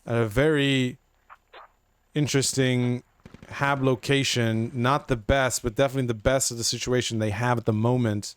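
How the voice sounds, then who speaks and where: A man giving measured, analytical play-by-play commentary over a tactical shooter match. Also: medium pitch, fairly even intonation, clear, resonant tone.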